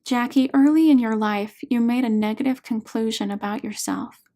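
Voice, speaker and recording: A woman reading an audiobook, voicing a calm female hypnotherapist who guides her client in a gentle, soothing way. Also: fairly high pitch, normal speed, lightly acted.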